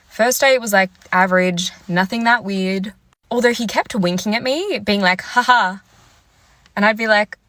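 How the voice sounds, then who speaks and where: A woman's voice: medium pitch, pushed and bright. A young woman casually telling a story about a bad date, chatty and exasperated, acting out both sides of the conversation. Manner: chatty, exasperated retelling with quoted dialogue. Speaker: storytime vlogger.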